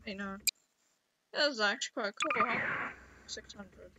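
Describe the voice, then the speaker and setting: A woman giving casual game commentary, excitable and yelping when startled. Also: a little high, measured pace, lo-fi sound, very noisy. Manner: excitable, yelps and shouts at surprises. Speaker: gameplay commentator.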